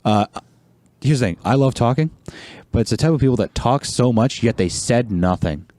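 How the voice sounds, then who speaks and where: A man's voice: medium pitch, expressive, moderate pace, dark tone, no echo. A young man in his twenties talking casually as a podcast guest. He acts out voices in his stories and laughs often. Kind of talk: casual chat.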